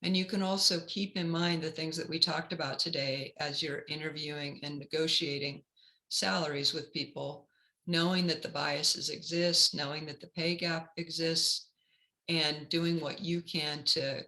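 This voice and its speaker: Brief: woman career counselor, very bright tone, steady teaching delivery for a webinar. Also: low voice, unhurried, low-quality recording. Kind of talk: webinar talk.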